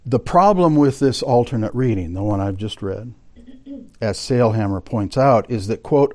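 Mellow-voiced man teaching a Bible class. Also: mid-range voice, expressive, moderate pace. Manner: explanatory, quoting sources aloud, addressing the class directly. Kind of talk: Bible study lecture with read quotations.

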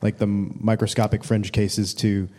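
A man's voice: fairly low pitch, level tone, a little slow, a little mellow. A man from the audience asking a long, hesitant question with many fillers.

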